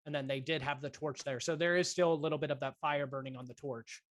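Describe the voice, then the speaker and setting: A man's voice: on the high side, steady tone, quick pace, no room sound. A man narrating as game master of a tabletop game, describing scenes with many ums and uhs. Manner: hesitant, full of ums and uhs.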